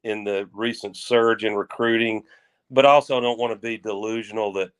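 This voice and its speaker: Lower-voiced man in rambling sports talk. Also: steady tone, clean tone. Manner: rambling, folksy, drawn-out phrases with restarts. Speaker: sports radio co-host.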